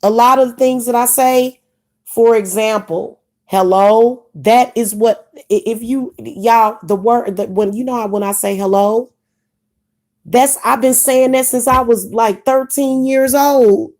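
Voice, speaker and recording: Woman, young adult, Kansas City accent, warm low-key timbre, candid vlogger rambling repetitively. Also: fairly even intonation, moderate pace. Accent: Kansas City, Missouri. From Kansas City, Missouri. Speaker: witch vlogger. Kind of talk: casual vlog monologue.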